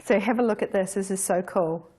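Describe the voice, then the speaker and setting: A woman's voice: medium pitch, brisk, warm tone, husky. Chatty woman photographer teaching. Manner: chatty, restarts and self-corrections, laughs easily. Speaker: photographer presenting a workshop. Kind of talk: casual teaching talk.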